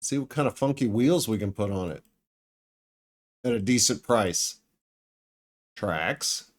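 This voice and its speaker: Over a farming game, a let's play gamer thinks aloud in casual commentary, letting out the occasional chuckle. He speaks slowly in a lowish, expressive voice.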